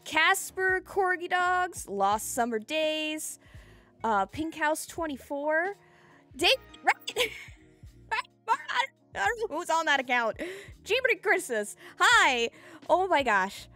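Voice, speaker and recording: A high, bouncy woman's voice that swoops all over the place as she chats with her stream audience. She giggles and gushes with excitement, yet takes her time between words. Soft music plays faintly behind her. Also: takes it slowly. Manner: excitable, giggly, gushing thanks to chat. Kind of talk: casual live-stream chat. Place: home streaming setup.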